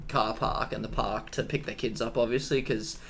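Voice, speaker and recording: A man's voice: mid-range voice, fairly even intonation, normal speed, heavy background noise. A young Australian man co-hosting a podcast, rambling and swearing in a laid-back, casual chat. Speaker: podcast co-host.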